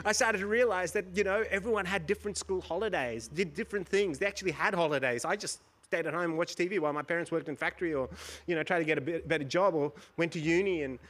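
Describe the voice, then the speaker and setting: A man from India, middle-aged, sits on a panel in front of a live audience. His voice sits high for a man. He tells his story in an animated way, acts out the people he describes and laughs often. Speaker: panel guest. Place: stage before a live audience.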